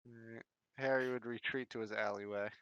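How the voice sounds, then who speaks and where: A man playing a tabletop game, describing his character's moves hesitantly and stopping often to find words. His voice is gravelly, mid-pitched and dry. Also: steady tone, fairly quick, fairly bright tone, no echo, dull audio. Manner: hesitant, full of fillers. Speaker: player.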